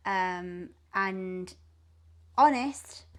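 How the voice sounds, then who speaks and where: A woman's voice: medium pitch, drawn-out words, clear, resonant tone. Blunt, sweary woman. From Teesside, England. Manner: blunt and swearing, animated retelling. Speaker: podcast guest. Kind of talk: candid storytelling.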